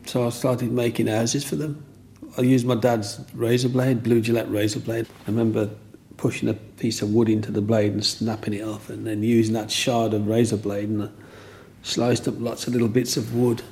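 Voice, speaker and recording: A man's voice: medium pitch, level tone, normal speed, gravelly, darkish tone. An older man telling his own story in a rambling, restart-filled way, as an interviewee. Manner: rambling, with restarts and "you know what I mean".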